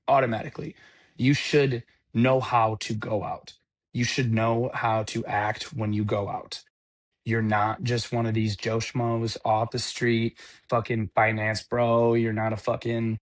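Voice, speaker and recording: Man, restaurant worker, unscripted rant, profane, preachy, blunt, mid pitch. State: sober.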